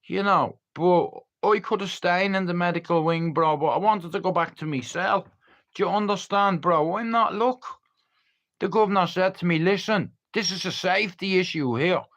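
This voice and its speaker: A man's voice: high-pitched, normal speed, fairly bright tone. A man, chatting casually to his viewers, swearing freely and often asking if they understand. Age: 50s. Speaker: livestreamer. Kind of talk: casual rambling chat to viewers.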